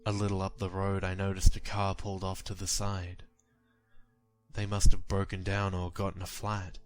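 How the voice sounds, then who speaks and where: A man reading a horror story aloud in a measured, grim storytelling manner. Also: deep voice, monotone. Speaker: narrator. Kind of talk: scripted horror story narration. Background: faint music.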